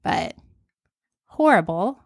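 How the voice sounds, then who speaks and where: A woman in her thirties co-hosting a podcast, telling stories in a casual, animated way and laughing often. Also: medium pitch, slow pace, gravelly, no echo, studio quality. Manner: animated storytelling, laughs often, acts out panicked quotes. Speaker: podcast co-host. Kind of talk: casual chat.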